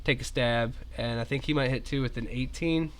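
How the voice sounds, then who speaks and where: A man, narrating a tabletop game as game master in a relaxed, chatty way. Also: medium pitch, normal speed, background noise.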